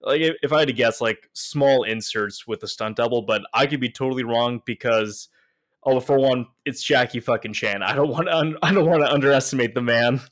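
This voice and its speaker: A man's voice: medium pitch, a little fast. A man co-hosting a casual movie review chat, hesitant, often restarting sentences and swearing casually. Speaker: podcast co-host.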